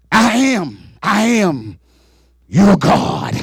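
A man preaching a fervent sermon in call-and-response style, building up to shouts. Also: sits high, sing-song, a little slow, gravelly, breathy edge, dry recording.

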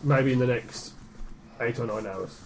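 A man's voice: medium pitch, unhurried, creaky, darkish tone, slight background noise. A man voicing a curt, dismissive female werewolf elder on the phone, speaking in clipped replies.

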